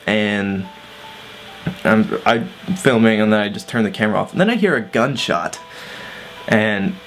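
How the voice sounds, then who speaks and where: A man with a fairly low voice tells a story straight to his camera on his vlog. He is loose and laid-back, full of fillers and casual swearing. Faint music plays behind him. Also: animated, unhurried, a bit bright. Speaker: vlogger.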